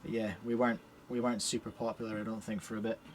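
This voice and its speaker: A man's voice: fairly low pitch, flat delivery, fast, background noise. Chatty Scottish man streaming. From Scotland. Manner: chatty, cheerful, talks while working with his hands. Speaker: streamer setting up cubes. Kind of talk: casual live-stream chat. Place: shed.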